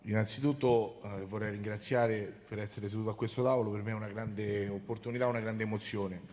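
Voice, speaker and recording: A man's voice: on the low side, fairly even intonation, fast, darkish tone. A man from Rome, a fighter, speaking with determined pride. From Rome, Italy. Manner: determined, proud. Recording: reverberant hall.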